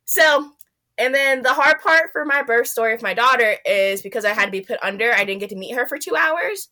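A woman guest in an interview, telling a personal story in an animated way and acting out what she said back then. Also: fairly high pitch, fairly quick. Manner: animated, reenacts her own past remarks in a raised voice.

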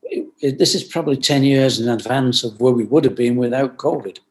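Speaking a little fast over a video call, the older founder sounds earnest and reflective. His mid-range voice loops back through repeated phrases, now and then sinking into soft, quiet side remarks.

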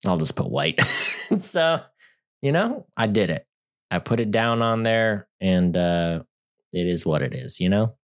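A man co-hosting a casual movie-review podcast, cracking dry, deadpan jokes. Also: deep voice, unhurried. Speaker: podcast co-host.

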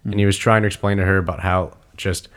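A man's voice: sits low, quick pace. A man chatting casually with friends, telling stories and acting out quotes. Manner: animated storyteller, acts out quotes. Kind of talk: casual chat.

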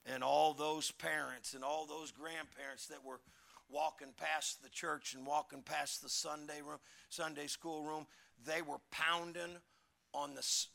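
A man preaching a sermon with emphatic call-and-response, now and then breaking into shouts. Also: on the high side, flat delivery, measured pace, gravelly. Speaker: pastor.

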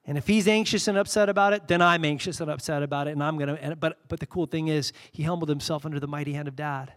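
A man in his forties preaching a sermon, conversational and personal, swinging between soft intimate passages and loud fervent peaks. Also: a little high, fairly even intonation, fast talker. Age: 40s. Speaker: pastor.

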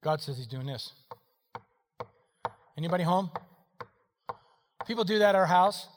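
A middle-aged man preaching a sermon, moving between quiet talk and shouting, with folksy asides. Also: high voice, expressive, measured pace. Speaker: pastor. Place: church hall. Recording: long hall reverb.

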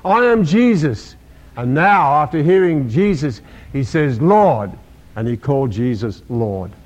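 A man's voice: mid-range voice, expressive, measured pace, a little mellow. Older male preacher, dull lo-fi sound. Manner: emphatic, repeating key words, voicing quoted scripture. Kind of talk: sermon. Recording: dull lo-fi recording.

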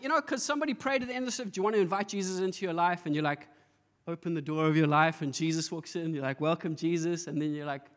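Guy preaching a sermon, kinda high voice, lots of hall reverb, jokes around telling stories. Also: very fast, a bit bright. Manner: storytelling with playful voiced asides and laughter. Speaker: pastor.

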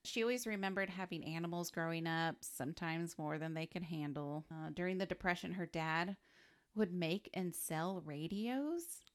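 A woman's voice: on the low side, moderate pace. A woman co-hosting a podcast, talking casually through a life story and joking between facts. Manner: chatty, laughs often, quips between facts. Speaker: podcast co-host.

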